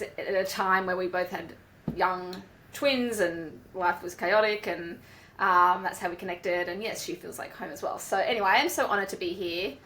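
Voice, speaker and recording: An Australian woman guests on a relaxed podcast with a mid-range voice. She talks with bubbly enthusiasm and often restarts her sentences as she rambles on. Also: mid-range voice, slight background noise, rough recording. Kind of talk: casual podcast chat.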